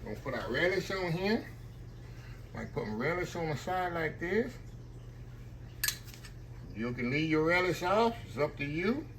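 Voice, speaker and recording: Lively chatty man cooking. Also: on the high side, unhurried, long pauses, noisy background. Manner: folksy, chatty, talks straight to viewers as y'all. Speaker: cooking vlogger. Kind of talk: casual cooking vlog. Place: home kitchen.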